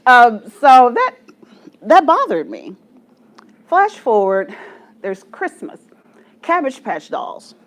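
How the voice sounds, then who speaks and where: Woman in her forties, group leader, fairly high voice with a lot of swing, laughs often and pokes fun at herself. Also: slow pace, long pauses. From Texas, USA. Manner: animated, laughs often, self-mocking humor. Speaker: church study group leader. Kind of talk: storytelling talk to a group.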